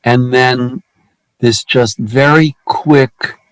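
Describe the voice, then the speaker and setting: A man leading a poetry discussion group, talking in a halting way with many restarts and fillers. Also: mid-range voice, fairly even intonation, smooth, no echo, low-quality recording.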